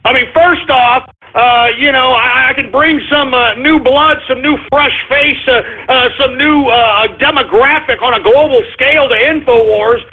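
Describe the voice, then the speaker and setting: High-voiced theatrical male radio host. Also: a little slow, hardly any pauses, slightly rough. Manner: theatrical, exasperated, mock-whining. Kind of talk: comedic call-in radio hosting. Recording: tinny lo-fi broadcast.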